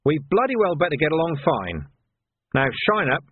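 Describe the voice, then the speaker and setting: A man voicing a gruff, hard-bitten middle-aged watch sergeant who speaks curtly with dry sarcasm. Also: fairly high pitch, sing-song, normal speed, voice pushed up. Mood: brisk. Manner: curt, commanding, dry sarcasm. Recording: tinny narrow audio, dry.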